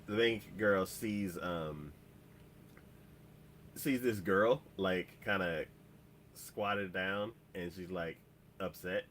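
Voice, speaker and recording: Rambling man with a bright voice. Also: low voice, slight background noise. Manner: rambling, heavy on "like" and "um". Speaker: podcast co-host. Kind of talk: casual chat, recapping an episode.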